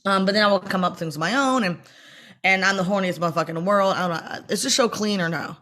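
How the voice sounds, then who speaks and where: A middle-aged actress telling stories in an interview, laughing often and acting out quotes loudly. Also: female voice, medium pitch, fast. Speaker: actress guest. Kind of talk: animated interview storytelling.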